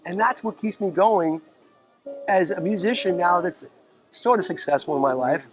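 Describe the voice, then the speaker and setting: A man's voice: sits high, moderate pace, over music. A man from the Bronx, a musician guest telling stories casually and profanely, acting out the quotes, outdoors in a park. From New York, the Bronx. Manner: animated, profane, acts out quotes. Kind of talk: casual storytelling.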